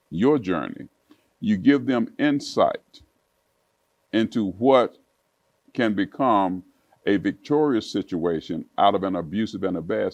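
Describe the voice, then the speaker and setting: A man's voice: lowish voice, no room sound, muffled recording. A man hosting a television interview, effusive and affirming toward his guest. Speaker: TV talk show host.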